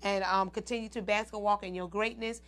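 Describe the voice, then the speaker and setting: A woman hosting her own show, talking loosely and chattily straight to her audience. She calls them "y'all" and "ladies" and breaks into laughter between thoughts. Her voice sits at an ordinary middle pitch. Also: steady tone, brisk, fairly bright tone. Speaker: show host. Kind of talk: casual chat to viewers.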